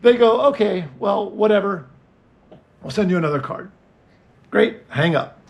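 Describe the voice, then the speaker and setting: Male co-host, high gravelly voice, animated storyteller. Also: measured pace, dull audio. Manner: animated, acts out both sides of phone calls. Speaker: podcast co-host. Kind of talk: casual storytelling chat.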